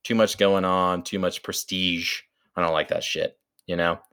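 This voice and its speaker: A man co-hosting a podcast, brashly pitching sports bets in casual, swearing chat. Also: little pitch movement, moderate pace, pushed and bright, smooth. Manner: brash, swearing, calls his co-host baby. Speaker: podcast co-host.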